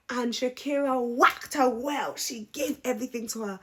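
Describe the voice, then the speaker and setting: A woman giving a casual, opinionated recap, chatty and animated, with frequent ums. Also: on the high side, moderate pace, hardly any pauses. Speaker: reality show recap vlogger.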